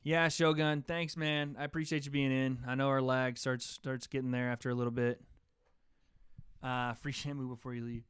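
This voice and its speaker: Smooth-voiced young man chatting on a stream. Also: medium pitch, little pitch movement, moderate pace, a bit bright. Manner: chatty, joking, reads viewer comments. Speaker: host. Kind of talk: casual livestream chat.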